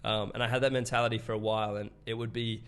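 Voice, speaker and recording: A man's voice: fairly low pitch, level tone, fast talker, a bit bright, clean tone. Laid-back Australian man in his twenties. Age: 20s. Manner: swears freely, laughs often, loose storytelling. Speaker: podcast guest, photographer. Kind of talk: casual conversation.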